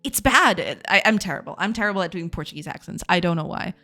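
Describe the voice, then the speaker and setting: A woman's voice: on the low side, expressive, fast talker, pushed and bright, faint music behind. A woman streaming game development live, chatting casually with her viewers, laughing often and repeating herself in a self-deprecating way.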